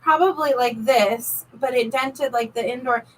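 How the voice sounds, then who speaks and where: Middle-aged woman, chatty storyteller, bright higher voice, a little off-mic with faint noise. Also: measured pace, far from the mic, poor audio. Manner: chatty, animated storyteller, many likes and ums. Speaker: co-host of a couple's live stream. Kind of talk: casual storytelling chat.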